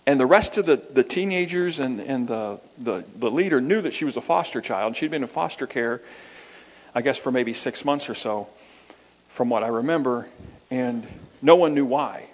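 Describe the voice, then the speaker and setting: A man's voice: mid-range voice, expressive, moderate pace. Earnest male preacher in reverberant hall. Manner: earnest, repeats words and restarts often. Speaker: minister. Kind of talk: sermon storytelling.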